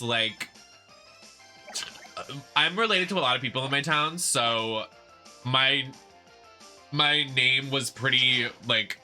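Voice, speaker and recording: A man's voice: mid-range voice, bright, forceful tone. A young man from the United States who streams games and chats in a sassy, emphatic, ranting way. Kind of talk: casual chat while gaming.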